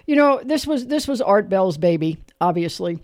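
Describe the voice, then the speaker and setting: A man's voice: high-pitched, animated, moderate pace, no echo, clean studio sound. A middle-aged man hosting a late-night call-in radio show, talking candidly and rambling with many fillers and restarts. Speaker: radio talk show host.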